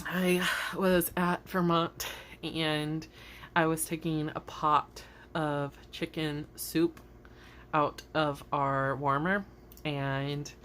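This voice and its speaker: A young woman with a low-pitched voice chats to her camera in a loose, rambling vlog. She giggles often and fills her stories with "like". A faint hum of room noise sits behind her. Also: fairly bright tone. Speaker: vlogger. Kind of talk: casual storytelling vlog. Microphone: camera facing her, seen on video.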